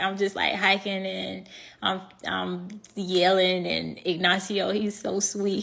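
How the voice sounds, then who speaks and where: A young woman vlogger telling a story in a chatty, expressive way, speaking straight to her viewers. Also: medium pitch, measured pace, creaky. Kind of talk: casual storytime.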